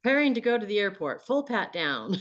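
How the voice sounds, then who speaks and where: A woman joining a casual group chat, joking and lively. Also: medium pitch, brisk. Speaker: group participant. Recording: dull lo-fi sound.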